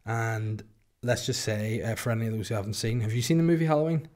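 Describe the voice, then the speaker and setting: A man's voice: fairly low pitch, fast, darkish tone. A Northern Irish man in his thirties, hosting a podcast in a casual, jokey, sweary storytelling chat. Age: 30s. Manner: rambling, sweary, jokey asides to his co-host. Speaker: podcast host.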